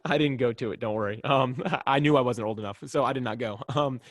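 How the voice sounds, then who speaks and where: Fast-talking man telling a story. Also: mid-range voice, dry recording, clean studio sound. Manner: fast, animated storytelling, acting out both sides of conversations. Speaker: podcast guest. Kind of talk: casual storytelling.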